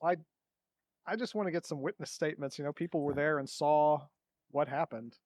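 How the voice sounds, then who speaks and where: A man's voice: a little high, brisk, darkish tone, no room sound. A man playing a tabletop game, earnest and polite in character. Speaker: player. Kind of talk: tabletop role-play chat.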